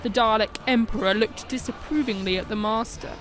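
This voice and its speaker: High-voiced woman reading a story. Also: fairly quick, faint music behind. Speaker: narrator. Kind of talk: reading a fan short story.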